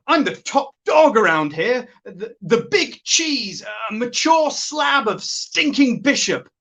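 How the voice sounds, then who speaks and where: A smug, sleazy office boss, played by a woman, brags and flirts down the phone in a comic monologue. The voice swoops lively up and down and takes its time. He speaks with an unhurried, self-satisfied drawl. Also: medium pitch, full character voice. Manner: boastful and flirtatious. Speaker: sketch performer.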